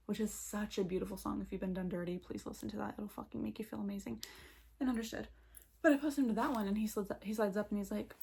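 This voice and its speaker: Husky young woman ranting a storytime. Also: mid-range voice, a little mellow. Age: young adult. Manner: fast, heated, swearing often. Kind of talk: casual storytime vlog. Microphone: phone.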